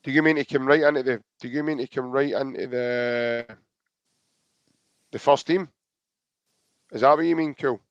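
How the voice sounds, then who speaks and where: A man's voice: medium pitch, fairly even intonation, moderate pace, long pauses, no room sound, dull audio. A Scottish man co-hosting a football podcast, easygoing and hesitant, calling his co-host "mate". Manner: easygoing, says "mate" a lot, hesitant restarts. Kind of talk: casual football chat.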